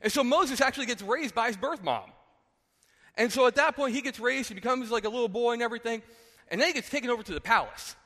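Bright-voiced pastor preaching in a reverberant hall. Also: male voice, very high voice, quick pace. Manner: animated, acts out characters, asks "right?". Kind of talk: sermon storytelling. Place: church sanctuary.

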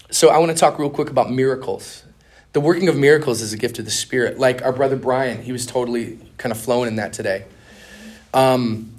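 A young man giving a conference master class, telling stories in a casual, earnest way with slang and restarts. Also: mid-range voice. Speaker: conference speaker. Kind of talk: conference teaching talk.

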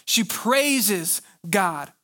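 A male pastor preaching a sermon, pressing his points with rhetorical questions and drawn-out pauses. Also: high voice, lively intonation, fairly bright tone.

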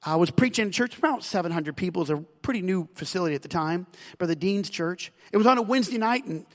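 An American pastor preaching in a church, with a notably high voice for a man. He tells stories at an easy pace and then pushes into loud, emphatic preaching. His voice rings out with a long reverb in a large hall. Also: lively intonation, fast. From United States. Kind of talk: sermon with personal stories.

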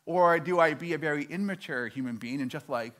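A young man from Canada telling a stand-up story, animated and self-mocking, acting out his own dialogue. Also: a little high, brisk. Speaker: stand-up comedian.

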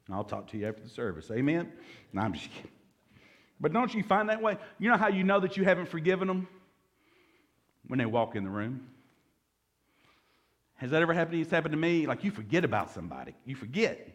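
Lively joking pastor in his forties. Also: a little high, fast, pauses often. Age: 40s. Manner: conversational, joking, calls for audience response. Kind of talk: sermon.

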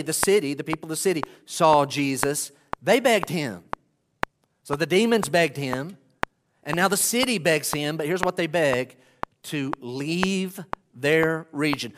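A man preaching an expository sermon as a pastor, reading scripture with animated emphasis. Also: a little high. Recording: echoey hall with clear background noise.

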